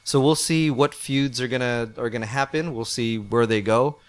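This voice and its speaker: A man's voice: mid-range voice, moderate pace. Casual man reviewing wrestling. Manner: rambling, many fillers and restarts. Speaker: podcast co-host.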